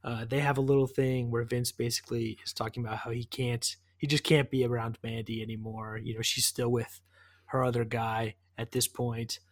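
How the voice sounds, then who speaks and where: Podcast co-host, man, mid pitch, dry close recording, loose recap. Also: level tone, normal speed, no room sound. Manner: recaps with many fillers. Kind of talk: casual chat.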